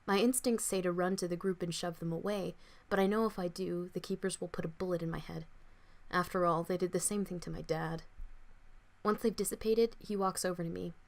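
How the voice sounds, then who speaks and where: A young woman, an author, reading her own fiction aloud in an expressive, dramatic first-person audiobook style. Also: fairly low pitch, brisk.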